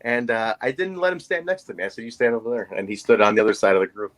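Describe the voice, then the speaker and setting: Animated man telling a story. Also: mid-range voice, very fast, poor audio. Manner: animated storyteller who acts out voices. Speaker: podcast co-host. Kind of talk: casual storytelling chat.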